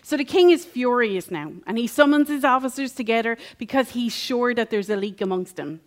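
A woman's voice: a little high, lively intonation, a little fast. A woman teaching a Bible passage as a sermon, repeating key phrases and asking rhetorical questions.

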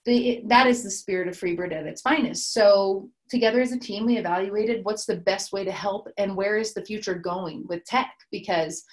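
A young woman co-founder recounts her company's early days in a lively, chatty way. She jumps into quoted dialogue as she goes, with a mid-range voice. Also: mid-range voice, normal speed, few pauses. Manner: animated, acts out quoted dialogue. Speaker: startup co-founder. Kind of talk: casual storytelling chat.

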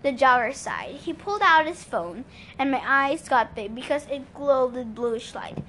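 High-voiced woman reading a novel aloud. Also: expressive, a little slow, a bit bright, a little hiss or hum. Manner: plain storytelling narration. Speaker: audiobook reader.

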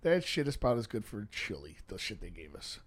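Animated, profane man telling cop stories. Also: fairly low pitch, a little fast. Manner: animated, profane, acts out voices in his stories. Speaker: podcast guest, former police officer. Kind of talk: casual storytelling with crude humor.

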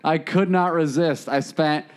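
A man's voice: fairly high pitch, steady tone, clean tone. Laughing man telling a crude story. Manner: storytelling, laughs often, does quick voices of people. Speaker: podcast co-host. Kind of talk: crude comedic casual chat.

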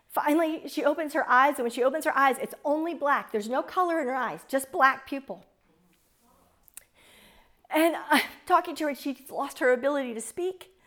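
A woman's voice: high-pitched, normal speed, a bit bright. A woman in her forties telling a personal testimony to an audience in an earnest, fervent storytelling manner. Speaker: speaker sharing a testimony.

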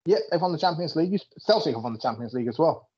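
A man's voice: a little high, animated, rapid-fire, darkish tone. A British man co-hosting a podcast, chatting about football with lots of laughter and swearing. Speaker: podcast co-host. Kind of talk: casual chat about football. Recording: dull lo-fi recording.

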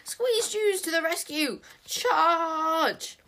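A woman voicing an excitable little male sprite who shrieks a battle cry. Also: extremely high pitch, very slow, pitched above the performer's own voice, full character voice. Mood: wild battle cry.

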